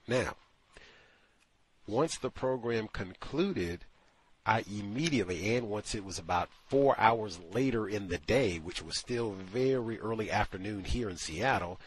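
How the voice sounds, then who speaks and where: A man's voice: on the low side, animated, a little slow, breathy edge. A man hosting a call-in talk show, speaking in an emphatic, incredulous monologue. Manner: emphatic, incredulous, acts out quotes. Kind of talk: opinionated radio monologue.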